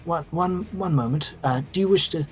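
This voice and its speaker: A man's voice: a little high, moderate pace, soft background music, voice pushed up, lightly acted. A man voicing a fussy, overly polite male raven made of smoke who chatters and stumbles over his words.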